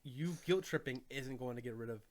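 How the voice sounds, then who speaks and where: A male co-host on a stream, talking casually with frustration, halting and mocking in turns. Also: mid-range voice.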